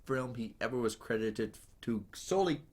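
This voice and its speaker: A man in casual conversation about movies, his voice rising and falling a lot as he jokes around. He laughs easily and tosses in quick asides. He sounds like a co-host talking with a friend. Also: medium pitch. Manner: animated, laughs often, jokey asides. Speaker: film podcast co-host. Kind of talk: casual film review chat.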